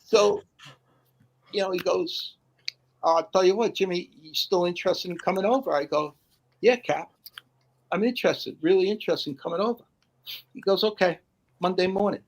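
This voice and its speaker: A man's voice: high voice, normal speed, vocal fry, pauses often, slight background noise. A man telling a firehouse story in casual podcast chat, acting out the voices of the people he quotes. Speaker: podcast guest, firefighter.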